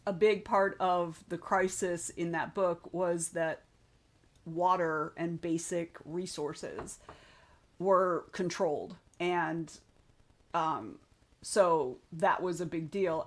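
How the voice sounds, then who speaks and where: A woman hosting a writing livestream, reading viewer comments aloud and chatting casually in a rambling way. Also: medium pitch. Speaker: writing stream host.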